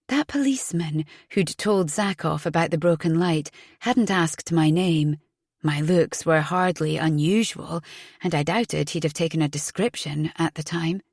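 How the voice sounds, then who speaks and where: A woman's voice: low-pitched, darkish tone, no echo, studio quality. A young woman narrating an audiobook thriller in the first person, with a tense, inward telling. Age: young adult.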